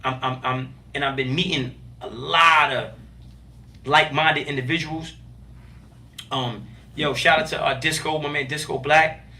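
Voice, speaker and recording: A podcast guest with a high, bright voice tells stories in a casual interview, animated, emphatic, and thick with street slang, often jumping up in excited bursts. He sits a little back and is recorded from a distance, speaking at a measured pace with long pauses.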